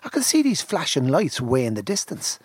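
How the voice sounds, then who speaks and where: Husky Irish man telling a story. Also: fairly high pitch, a little fast, dry recording. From Ireland. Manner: animated, acts out the people he quotes, lively repetitions. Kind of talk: casual anecdote, conversational storytelling.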